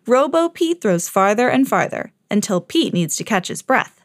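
A woman reads a children's picture book aloud in a clear, measured storytelling voice that sits fairly high. The recording is close and dry, with no room sound. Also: big pitch swings, no room sound. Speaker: children's story podcast host and reader.

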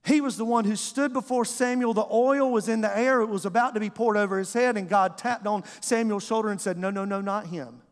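High-voiced pastor preaching. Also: male voice, fairly even intonation, a little fast, few pauses. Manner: storytelling preacher, acts out voices, calls to the congregation. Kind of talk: sermon. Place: church sanctuary. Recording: long hall reverb.

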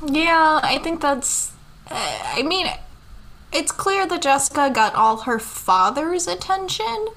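Bright, laughing woman co-host. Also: high-pitched, sing-song, slow pace, slight background noise, low-quality recording. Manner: laughs often, blunt and swears freely. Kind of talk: casual chat.

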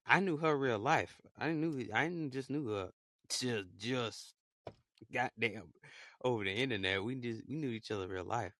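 A man's voice: mid-range voice, normal speed, fairly bright tone, dry recording, clean studio sound. A young man hosting a casual solo podcast, talking in a rambling, repetitive, heartfelt way. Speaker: podcast host.

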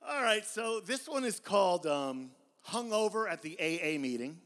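Deadpan man in his fifties reading poems. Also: high voice, moderate pace. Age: 50s. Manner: deadpan, self-mocking storytelling. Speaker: poet. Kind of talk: live poetry reading. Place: live event in a bar.

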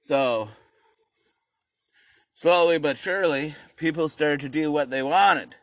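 A man telling history as a rambling, profane comic monologue, acting out quoted voices with sudden high shouts. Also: takes it slowly, dry recording.

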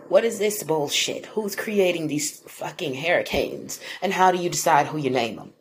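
A woman's voice: sits low, expressive, moderate pace, few pauses, a little hiss or hum. A woman hosting a podcast, reading the news aloud and reacting in a profane, incredulous, mock-paranoid comedic rant. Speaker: podcast host.

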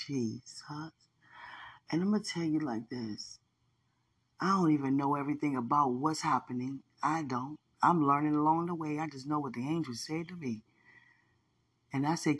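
A man with a husky, breathy voice delivers spontaneous prophetic preaching. He repeats his declarations in a rhythmic pattern. At times he sinks into a hushed whisper, speaking from a bedroom. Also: a little high. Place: bedroom corner.

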